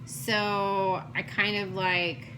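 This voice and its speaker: Woman, excitable and fast-talking craft vlogger, mid pitch, faint background hum. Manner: fast, chatty, jumps between topics; excitable, gushing. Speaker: cross-stitch vlogger. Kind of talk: casual chat showing craft projects.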